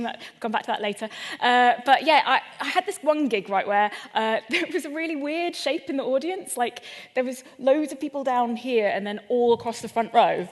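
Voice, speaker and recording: An Englishwoman with a fairly high voice performs stand-up comedy in a large hall, addressing a live audience directly. Her delivery is chatty, playful and self-deprecating.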